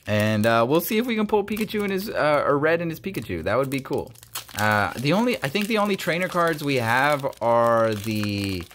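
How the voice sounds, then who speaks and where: A young man opening trading cards on his channel, talking excitedly and grumbling between pulls. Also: medium pitch. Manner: animated, swings between squeals and grumbling. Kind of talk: excited card-opening vlog.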